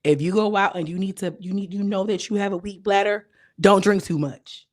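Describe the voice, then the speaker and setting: A young woman recapping a reality show in casual, slangy chat, her voice a little hoarse. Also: medium pitch, brisk. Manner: chatty, slangy, animated retelling. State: slightly hoarse voice.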